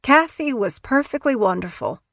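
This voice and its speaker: A woman's voice: a little high, very animated, normal speed, gravelly, fairly bright tone, no echo, pitched above the performer's own voice, full character voice. A woman voicing a persistent, suspicious grandmother who presses with blunt questions, in an audiobook. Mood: recalling. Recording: dull, dry studio recording.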